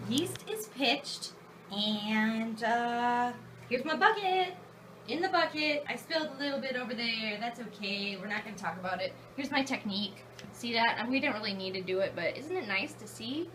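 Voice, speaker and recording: A woman's voice: fairly high pitch, fairly bright tone, slight background noise. A woman home brewer chatting casually through her brew day, rambling and joking at her own expense at home. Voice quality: chatty, rambling, self-deprecating.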